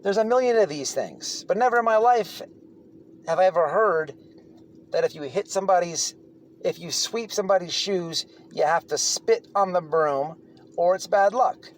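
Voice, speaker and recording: A man spins a casual, rambling tale in a somewhat high voice. He is blunt and swears freely, backing up to restart his sentences as he goes. A faint background noise sits under his voice. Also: moderate pace. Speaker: channel host telling prison stories. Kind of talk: casual storytelling monologue.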